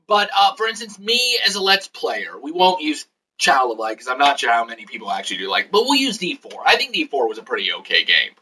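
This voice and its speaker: A man's voice: medium pitch, wildly swooping pitch, a little fast, bright, forceful tone, far from the mic, low-quality recording. A man hosting a casual chat, explaining at length in a rambling way. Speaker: host.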